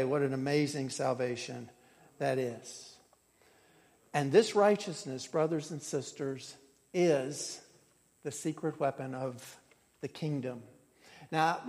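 A male pastor preaching an expository sermon. He swings from loud, emphatic peaks to hushed, drawn-out endings, and he sometimes restarts when he searches for a word. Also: fairly high pitch, long reverb tail.

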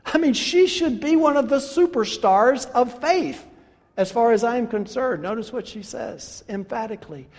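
A man preaching a sermon, emphatic and rhetorical, repeating his questions and swinging between hushed and loud passages. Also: sits high, expressive, moderate pace. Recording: long reverb of a large hall.

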